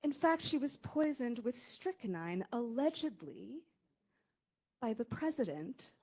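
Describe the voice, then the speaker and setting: A woman from Salem reading her poetry live at an arts center, talking haltingly with many fillers and sounding emotional and dry-mouthed. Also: a little high, sing-song, a little mellow, breathy edge. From Salem, Massachusetts. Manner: halting, full of fillers and nervous asides. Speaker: poet. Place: arts center event stage before an audience.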